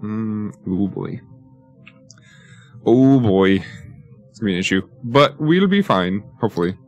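A lower-pitched man chats loosely over a city-building game, muttering to himself and cracking jokes as he plans roads and services. Faint music plays under his voice. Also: lively intonation, unhurried, dry recording, dull audio. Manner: rambling, joking, talks to himself while building. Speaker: gaming YouTuber. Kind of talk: casual let's-play commentary.

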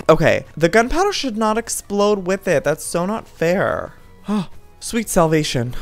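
A man giving lively, theatrical gameplay commentary as a channel host, talking to the game's creatures with mock outrage. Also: on the high side, slow, gravelly, soft background music. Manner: animated, theatrical, talks to game mobs with mock outrage.

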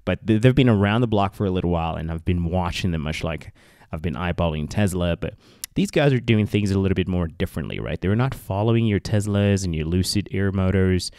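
A man's voice: sits low, brisk, a little mellow, no room sound, clean studio sound. A man from Africa giving a chatty, rambling commentary while browsing a website, often calling his viewers guys. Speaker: tech vlogger. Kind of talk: casual screen-share commentary.

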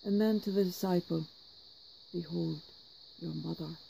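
A man giving a measured liturgical reading of scripture, slowing and leaning harder into the quoted cries. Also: fairly high pitch, steady tone, vocal fry, mellow, a little hiss or hum, low-quality recording. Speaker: scripture reader.

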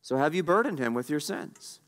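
High-voiced man preaching a sermon. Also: expressive, a bit bright. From Canada. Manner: earnest, asks the congregation repeated questions; slows right down to stress scripture. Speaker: pastor.

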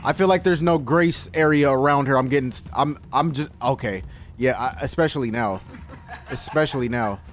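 A man giving excitable, profane let's-play commentary as he plays a game, yelping and shouting when startled. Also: mid-range voice, moderate pace, soft background music. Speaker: gaming video host.

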